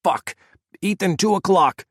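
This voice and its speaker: A man voicing a gruff male soldier under fire, growling and clipped. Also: a little high, a little fast, a bit bright, no echo, studio quality. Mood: shouting.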